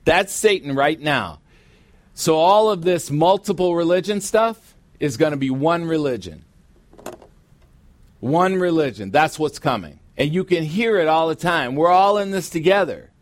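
A middle-aged man preaching a sermon as pastor, with emphatic, drawn-out stresses. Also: on the high side, animated, dry recording. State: sweating, warm from preaching. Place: church sanctuary.

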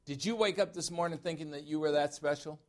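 Preaching quickly in a voice on the high side, this middle-aged man from Chicago, USA, delivers a sermon as a pastor-teacher. He speaks emphatically and asks the congregation direct questions.

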